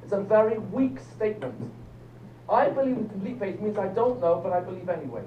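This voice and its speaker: A man's voice: high voice, a little fast. Older man lecturing, far off and echoey. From England. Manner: lively, quizzes the audience, jokes. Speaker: rabbi lecturer. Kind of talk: lecture to a live audience. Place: lecture room with an audience. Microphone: phone recording from the audience. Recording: distant, echoey, dull phone recording with faint hum.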